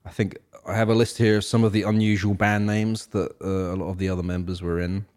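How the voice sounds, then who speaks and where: A man with a very low voice co-hosts a casual music podcast. He wanders through his thoughts with fillers and restarts, chatting easily with his co-host. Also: flat delivery, quick pace, a little mellow. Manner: rambling, many fillers and restarts.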